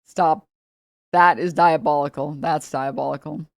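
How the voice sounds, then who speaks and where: A woman's voice: low-pitched, fairly even intonation, a little slow, gravelly, no room sound, studio quality. A woman streamer chatting casually and mocking her subject with sarcasm. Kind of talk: casual chat.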